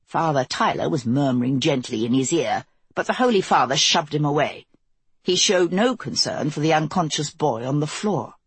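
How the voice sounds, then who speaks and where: A woman narrating a fantasy audiobook in a measured, even storytelling way. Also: low-pitched, slightly rough, no echo.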